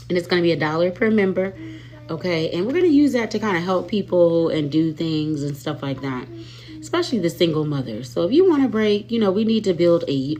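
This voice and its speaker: A woman with a lowish voice talks casually to her livestream viewers. She is chatty and sassy, and keeps calling them y'all and honey. A faint hum runs under the recording. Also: darkish tone. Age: adult with children. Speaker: livestream host. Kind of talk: casual live-stream chat.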